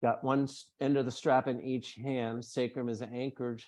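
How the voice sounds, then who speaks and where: A man who is a yoga teacher, explaining hamstring anatomy to a class and then slowly guiding them through a strap stretch. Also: medium pitch, level tone, darkish tone. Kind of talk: yoga workshop instruction.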